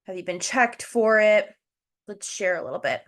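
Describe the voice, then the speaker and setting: A woman's voice: medium pitch, lively intonation, normal speed. A woman hosting a casual educational livestream, out of breath, explaining things step by step and talking to her viewers in the chat over a video call. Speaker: host.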